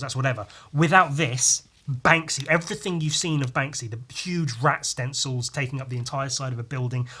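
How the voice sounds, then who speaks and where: A podcast host with a medium-pitched, sharp voice delivers a casual, opinionated monologue. He's blunt and sweary, rambling along with many restarts.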